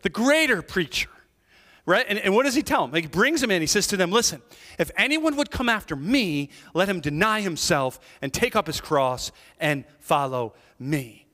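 A male pastor preaching a sermon in a church, conversational and animated, with jokes and asides to the congregation. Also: sits high, normal speed, big-room sound. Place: church sanctuary.

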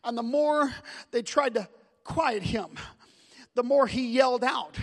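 A male pastor preaching a fervent sermon, repeating phrases and building up to shouts. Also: very high-pitched, unhurried, big-room sound.

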